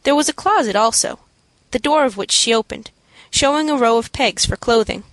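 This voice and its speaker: A woman narrating an audiobook in a steady, clear storytelling manner. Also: fairly high pitch, normal speed, no room sound, poor audio.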